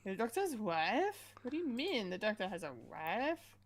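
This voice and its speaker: A woman co-hosting a casual pop-culture podcast, chatty and quick to laugh, with lots of fillers. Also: mid-range voice, very animated, crowd noise. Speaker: podcast co-host.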